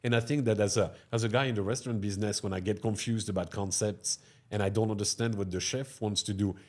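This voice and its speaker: A middle-aged French-accented restaurateur tells stories as an interview guest, animated and tagging his sentences with "no?" and "huh?". His voice is fairly low and he talks fast.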